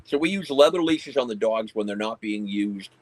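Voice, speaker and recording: A man's voice: fairly low pitch, animated, normal speed, a little mellow, low-quality recording. A man who owns a pest control company, explaining his dog-handling work in a plain, matter-of-fact way during an interview. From United States. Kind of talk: casual conversational interview.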